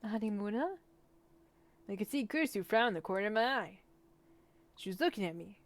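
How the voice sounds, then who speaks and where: A woman's voice: medium pitch, animated, brisk. A woman co-hosting a game let's-play, reading the narration and a boy's lines aloud with feeling. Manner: reads narration with feeling, laughs between lines. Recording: voice over game music. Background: faint game music.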